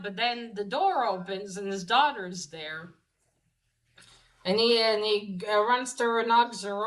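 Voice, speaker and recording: A woman's voice: mid-range voice, measured pace, fairly bright tone, poor audio. A woman giving a casual, chatty comic book review, talking with many fillers and restarts.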